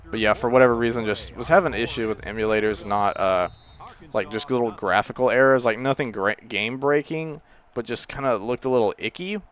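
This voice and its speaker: A man casually commenting on his own football video game play, rambling between plays and exclaiming loudly when something happens. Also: medium pitch, brisk. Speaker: gaming channel host.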